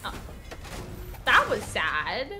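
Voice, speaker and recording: Lively, teasing woman gaming. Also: mid-range voice, extremely slow, music in the background. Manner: teasing, laughs often. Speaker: streamer's teammate. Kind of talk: casual chat while gaming.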